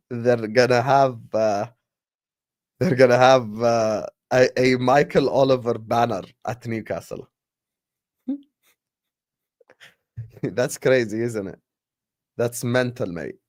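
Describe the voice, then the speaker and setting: A man's voice: mid-range voice, darkish tone, dry recording, studio quality. Man, football stream host, casual chat, talks to viewers, mixes in Arabic phrases.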